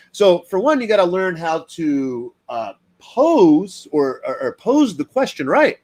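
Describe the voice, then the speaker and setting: A man's voice: huge pitch swings, moderate pace, hardly any pauses, darkish tone. A man, a dog trainer, talking casually in a rambling monologue full of fillers and acted-out quotes. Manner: rambling, lots of fillers, acts out quoted people in higher voice.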